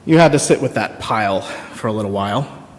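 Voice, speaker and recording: A man's voice: on the low side, expressive. Reflective man preaching in an echoey church. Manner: slow, reflective, pausing storytelling. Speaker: minister. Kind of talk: sermon. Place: church sanctuary. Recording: long reverb of a church sanctuary.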